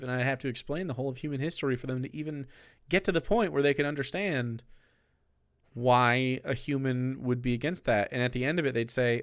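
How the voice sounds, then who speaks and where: A male streamer talking casually and sarcastically, rambling from point to point with sudden animated bursts. His voice is smooth and resonant, at a middling pitch. It is close and dry, with no room sound. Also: a little fast, no echo. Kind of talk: casual live-stream commentary.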